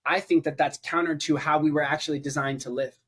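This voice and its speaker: A man's voice: fairly high pitch, steady tone, fast, a bit bright. A man who is a preacher, talking as a podcast guest in a passionate conversational way, with emphatic repetition and rhetorical lists.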